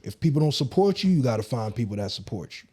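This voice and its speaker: Chill young podcast guy, slangy and mumbly, mellow dark tone. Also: mid-range voice, big pitch swings, quick pace, slightly rough. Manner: laid-back slang, drifts into mumbles. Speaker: podcast co-host. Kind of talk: casual chat.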